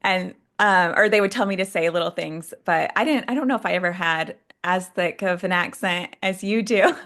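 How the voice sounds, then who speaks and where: A woman's voice: lowish voice, normal speed, a bit bright. A woman from Texas, raised later in Utah, who is a guest on a planner channel, chatting enthusiastically and laughing often. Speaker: guest, sticker shop owner and planner creator. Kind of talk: casual chat.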